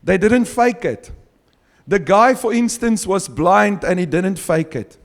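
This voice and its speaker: Male preacher, Afrikaans first language, emphatic, chuckles between points, high voice, echoing hall. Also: lively intonation. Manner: slow, emphatic scripture reading with frequent chuckles. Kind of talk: sermon. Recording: long hall reverb.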